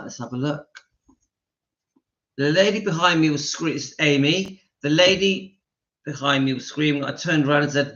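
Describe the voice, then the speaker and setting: A man's voice: fairly high pitch, sharp tone, muffled recording. A man hosting a casual livestream, reading viewer comments aloud and giving his opinions emphatically. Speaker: channel host reading live chat.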